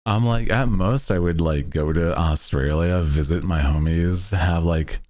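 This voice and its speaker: Deep-voiced laid-back male streamer. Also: a little slow. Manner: laid-back, rambling with many fillers; bursts into loud laughter. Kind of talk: casual chat.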